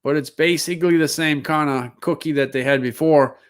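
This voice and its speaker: A man's voice: on the high side, steady tone, brisk, clear, resonant tone. A man hosting a casual solo livestream, musing aloud as he reads down a list of product listings. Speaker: livestream seller host.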